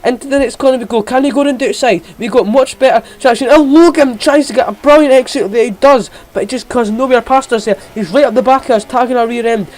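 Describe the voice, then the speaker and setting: Male gamer, very high pitch, excitable race-style play-by-play. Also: rough recording. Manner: rapid, excitable, jumps in pitch at key moments. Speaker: gamer commentating his own racing game.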